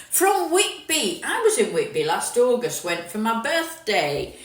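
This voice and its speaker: A middle-aged woman from London, England, with a southern English accent partly mixed with northern, speaks in a voice on the high side. As a livestream host she chats casually, reading out viewer comments and replying. Her phone mic is distant, and the room echoes.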